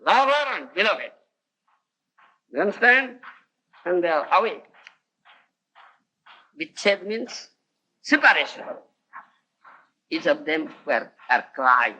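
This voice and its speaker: A man's voice: a little high, sing-song, slow pace, long pauses, bright, forceful tone, poor audio. A man with an Odia accent giving a devotional lecture, often laughing and asking his listeners whether they understand, on an old tape recording. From India. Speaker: spiritual teacher.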